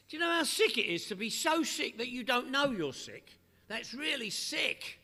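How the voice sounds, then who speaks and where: A man's voice: extremely high pitch, big pitch swings, normal speed, gravelly, pushed and bright. A middle-aged man with a London accent giving a humorous recovery talk to a meeting, telling his story with comic repetition. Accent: London English. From northwest London. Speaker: AA speaker. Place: meeting hall. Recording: echoey hall reverb.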